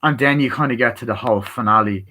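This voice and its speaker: A man's voice: mid-range voice, sharp tone, rough recording. Rambling, foul-mouthed man reviewing a movie. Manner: rambling, profane, acts out scenes in quick quoted voices. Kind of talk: casual spoken movie review.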